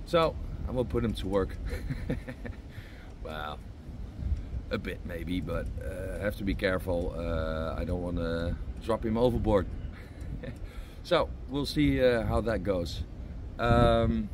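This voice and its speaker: Guy rambling to camera on his boat, lowish voice, bit of outdoor noise. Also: takes it slowly. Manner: rambling, many fillers and restarts. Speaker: boat-owner vlogger. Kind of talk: casual vlog talk to camera.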